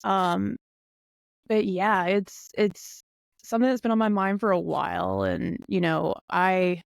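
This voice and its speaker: Chatty woman with a gravelly edge. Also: medium pitch, steady tone, measured pace, dry recording, clean studio sound. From eastern United States. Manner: chatty, laughs often. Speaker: podcast guest. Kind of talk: casual chat.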